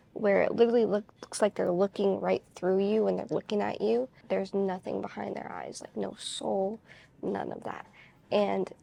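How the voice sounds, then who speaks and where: A woman's voice: mid-range voice, gravelly, dark tone, slight background noise. A woman vlogger chatting casually to camera, rambling and candid, with lots of "like" fillers. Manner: candid, confessional storytelling.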